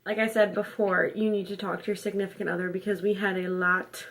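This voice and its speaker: Young female vlogger, casual and chatty, middle pitch. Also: level tone, brisk, a bit bright. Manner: chatty, laughs often. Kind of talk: casual chat.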